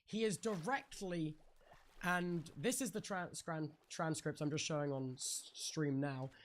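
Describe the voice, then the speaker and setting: A speaker of middle pitch on an online call who keeps cutting in, reading out quotes and pushing back firmly. The voice stays plain and even in tone. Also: a little slow. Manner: interrupts and reads quotes aloud. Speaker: interviewer. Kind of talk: livestream discussion.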